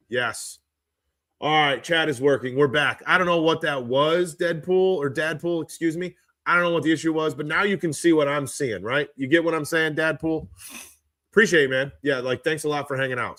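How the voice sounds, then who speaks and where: Male live-stream host, phone in hand, exasperated ranter, slightly high, crisp bright voice. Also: dry recording, studio quality. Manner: exasperated ranting, rises sharply in pitch when indignant. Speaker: livestream host. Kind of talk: casual live-stream commentary. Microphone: handheld phone.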